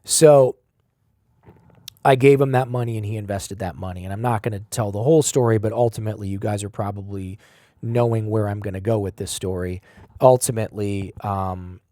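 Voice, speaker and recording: A man as a podcast guest, telling a personal story with blunt, profane language and big swings in loudness. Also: fairly low pitch, fairly quick, no room sound, studio quality. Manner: animated, swings between loud and quiet.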